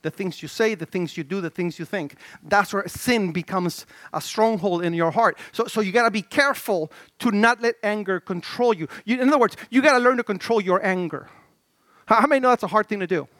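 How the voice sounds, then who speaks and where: A middle-aged male pastor preaching a sermon in an animated, conversational way, with stammered restarts and swings from shouts to low murmurs. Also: a little fast, no room sound.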